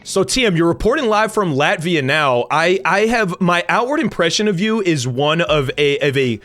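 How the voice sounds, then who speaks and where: A man hosting an interview podcast over a video call, asking halting, roundabout questions with playful wordplay. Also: a little high, expressive, a bit bright. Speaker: podcast host. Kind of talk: casual interview chat.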